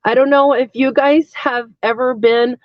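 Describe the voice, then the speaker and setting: A woman's voice: sits high, steady tone, a little slow, no room sound. A woman in her thirties talks loosely to her stream viewers, full of likes and ums as she wanders between topics. The sound is dry and close, with a dull lo-fi edge from the stream mic. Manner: chatty and rambling, many fillers and likes. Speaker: live streamer. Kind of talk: casual live-stream chat.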